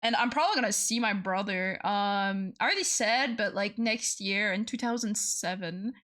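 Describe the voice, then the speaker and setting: A young woman with a French accent chatting casually on a stream, swearing a lot, laughing often and repeating herself when she gets excited. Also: mid-range voice, normal speed. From France. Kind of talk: casual chat.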